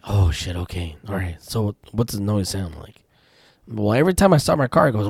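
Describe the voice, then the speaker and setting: A man's voice: lowish voice, moderate pace, gravelly, a little mellow, husky, no room sound. A man co-hosting a casual podcast, ranting through profane stories about his work at a tire shop. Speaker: podcast co-host.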